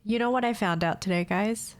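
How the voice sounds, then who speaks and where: A young streamer with a cold talks briskly to her viewers in a medium-pitched voice that sounds nasal and congested. She keeps it casual, laughing often and swearing freely.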